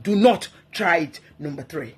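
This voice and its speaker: A woman speaks as a guest on a talk program. She exhorts her listeners in a forceful, preachy way and repeats key phrases to drive her points home. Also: low-pitched, animated, normal speed, husky. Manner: emphatic, exhorting, repeats herself.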